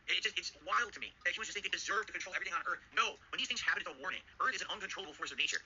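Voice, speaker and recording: A man's voice: high voice, racing, pushed and bright, lo-fi sound, a little hiss or hum. An American man streaming live, ranting indignantly with lots of swearing and rhetorical questions while reading his chat. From United States. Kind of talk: livestream rant and chat reading.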